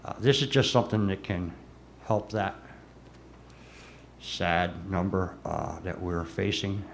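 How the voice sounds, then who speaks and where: A New man speaks at a city council meeting, pressing his case and doubling back on words as he goes. His voice sits a little low. A light hiss runs under the stream. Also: takes it slowly, creaky. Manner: emphatic, repeats words when pressing a point. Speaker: city commissioner.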